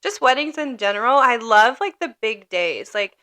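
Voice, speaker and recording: A young woman co-hosting a podcast, telling stories in a chatty, animated way with lots of "like". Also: a little high, normal speed. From Croatian and Italian family. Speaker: podcast co-host. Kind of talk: casual chat.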